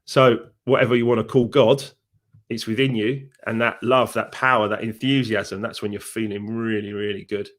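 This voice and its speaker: Upbeat Cockney man, low voice. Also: steady tone, moderate pace, fairly bright tone. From England. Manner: upbeat, chatty, many fillers. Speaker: success coach. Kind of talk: casual live-stream chat.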